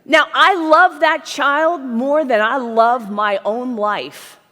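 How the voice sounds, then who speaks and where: A woman's voice: sits high, fairly even intonation, takes it slowly, bright, forceful tone. A middle-aged woman giving a blunt, emphatic sales seminar to a live audience, often checking in with "right?". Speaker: sales trainer speaking at a conference. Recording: long reverb of a large hall.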